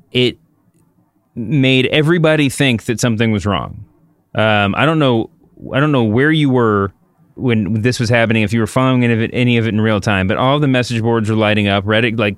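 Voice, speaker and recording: A man's voice: mid-range voice, smooth, no echo. A man hosting a wrestling podcast in casual chat, rambling and restarting his sentences. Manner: rambling, self-interrupting. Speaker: podcast host.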